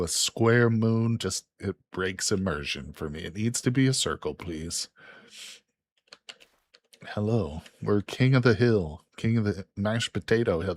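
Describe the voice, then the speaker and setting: A man's voice: lowish voice, a little slow. A man from Illinois casually commentating a multiplayer game on a live stream, laid-back and joking as he goes. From Illinois, USA.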